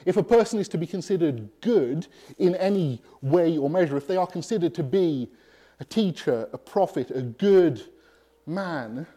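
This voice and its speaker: A man preaching a sermon, emphatic and pausing deliberately between phrases. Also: on the high side, mellow.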